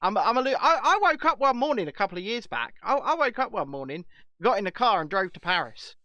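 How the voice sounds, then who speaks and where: British male co-host, high-pitched, animated storyteller, dry close sound. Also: fast talker, no room sound, dull audio. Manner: animated, laughs at own stories. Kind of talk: casual chat.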